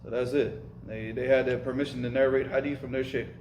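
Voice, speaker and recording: A man's voice: medium pitch, steady tone, quick pace, darkish tone, roomy sound, a little hiss or hum, rough recording. A man teaching an informal lesson, speaking casually and emphatically, repeating himself and mixing in Arabic terms. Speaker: Arabic and Islamic studies teacher. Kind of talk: informal lesson with live questions.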